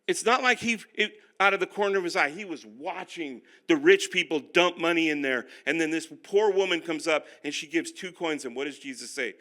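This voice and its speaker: An older male pastor teaching a finance class, telling animated, self-deprecating stories. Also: fairly high pitch, fairly quick, few pauses. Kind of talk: sermon-style finance class.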